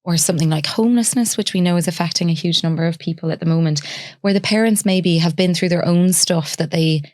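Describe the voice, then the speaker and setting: A woman psychologist talks as a guest on an interview show. She has a low speaking voice and explains in a measured way, building on examples. The recording is close and dry. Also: dry recording. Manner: lifts her voice into a soft, sing-song tone when acting out talking to a child.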